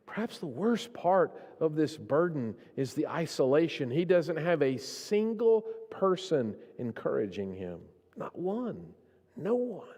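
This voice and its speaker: A man preaching a sermon in a church, his delivery swinging between hushed, slow stretches and raised, impassioned ones. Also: on the high side, very animated. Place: church sanctuary. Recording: long reverb of a church hall.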